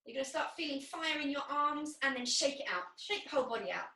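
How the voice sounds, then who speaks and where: A woman with a high, bright voice talks a class through pilates moves, cueing each breath with an encouraging tone. She sounds some way from the mic, in a room that echoes. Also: lively intonation, quick pace, far from the mic. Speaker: pilates instructor. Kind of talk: guided exercise class.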